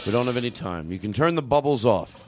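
A man hosting a comedy podcast, telling rambling, profane, excitable stories in casual chat. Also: mid-range voice, fast talker, loud music behind the voice. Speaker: podcast host.

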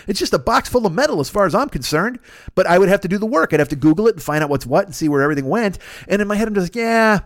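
A man's voice: high voice, lively intonation, very fast, no room sound. A man hosting a solo podcast, ranting in a profane, self-deprecating way into a close mic. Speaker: podcast host. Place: Los Angeles.

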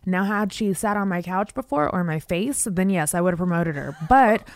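A woman with a lowish voice hosts a podcast, crude and loose, cursing freely with frequent laughter. The sound is dry and close. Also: expressive, normal speed, dry recording. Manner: crude, swearing, laughing often. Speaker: podcast host. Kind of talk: casual podcast chat and read ad.

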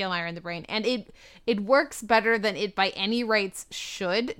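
Smooth-voiced woman co-hosting a chat. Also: medium pitch, a bit bright. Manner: chatty, hedges with fillers. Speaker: podcast co-host. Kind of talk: casual chat.

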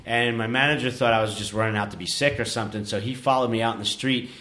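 A man, a podcast guest telling a long story in a casual, animated and profane way, laughing often. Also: mid-range voice, quick pace, slight background noise. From Queens, New York. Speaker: podcast guest, metal musician.

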